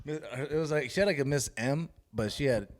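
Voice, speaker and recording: A man co-hosting a podcast, telling stories in an animated, laughing casual chat. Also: mid-range voice, normal speed.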